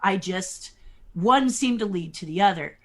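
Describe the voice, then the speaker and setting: A woman in her sixties, a guest puppeteer telling lively stories in a podcast interview, chuckling as she talks. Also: mid-range voice, a little slow. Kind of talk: anecdotal storytelling in a podcast interview.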